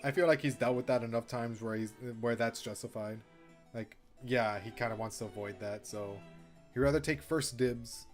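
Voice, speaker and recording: A man's voice: medium pitch, moderate pace, soft background music. A man streaming a story game, making casual, laid-back asides with the odd swear. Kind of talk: casual gameplay commentary.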